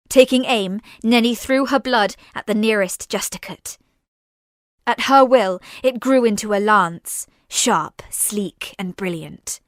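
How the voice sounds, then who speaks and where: A woman narrating a science-fiction audio serial at a slow, measured pace. Her voice sits in a middle range and stays steady through the telling. The recording is dry and close with no room sound. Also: mid-range voice, no echo. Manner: measured, unhurried storytelling. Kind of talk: scripted audio-drama narration.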